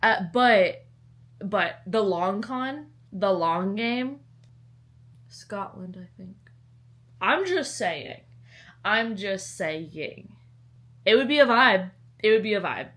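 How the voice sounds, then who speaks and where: A woman's voice: medium pitch, expressive, slow pace, pauses often, a bit bright. A young woman with a Southern American lilt, talking straight to camera in a casual book vlog. She is chatty and bubbly, with playful dramatic swings in her delivery. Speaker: book vlogger.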